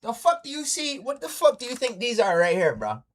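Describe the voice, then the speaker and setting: A man's voice: very high voice, huge pitch swings, brisk. A man on a casual live stream, trash-talking in a brash, profane way and laughing often. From Indigenous North America. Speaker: livestreamer. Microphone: streaming mic at home.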